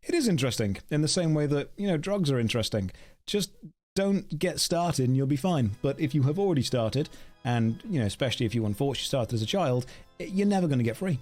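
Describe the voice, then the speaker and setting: A man's voice: medium pitch, animated, fast talker, darkish tone, faint music behind. A male streamer joking with his chat in a mock-serious way while playing a game. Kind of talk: casual game stream commentary.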